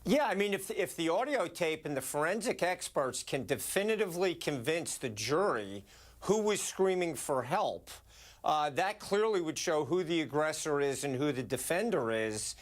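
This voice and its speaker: A man giving measured, analytical legal commentary as a defense lawyer guest on a TV show. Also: a little high, big pitch swings.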